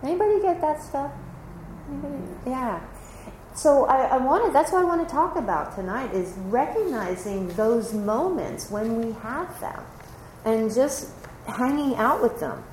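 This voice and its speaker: A woman meditation teacher giving a Buddhist dharma talk to a live group, reflective and conversational, pausing and restarting as she speaks. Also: high-pitched, animated, a little mellow. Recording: echoey room with faint ambient noise.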